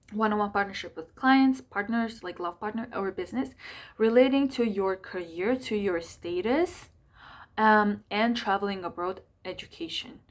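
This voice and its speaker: Woman astrologer with a voice, rushed and full of ums and restarts, mid-pitched. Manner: hurried, full of fillers and self-corrections. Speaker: astrologer giving monthly sign readings. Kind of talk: casual rushed talk to camera.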